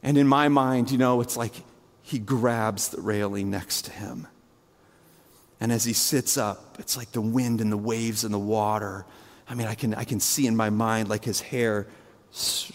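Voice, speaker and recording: A male pastor preaching a conversational sermon full of fillers, dropping to a hushed low voice and rising high again as he retells a scene. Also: steady tone, normal speed, in a large hall. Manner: conversational, imaginative storytelling with many fillers; swings between hushed low and raised high delivery.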